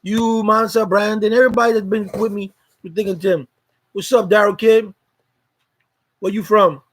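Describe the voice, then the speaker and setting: A man's voice: high voice, fairly even intonation, moderate pace, poor audio. A man hosting a casual live stream chat, greeting viewers by name in a loose, repetitive way.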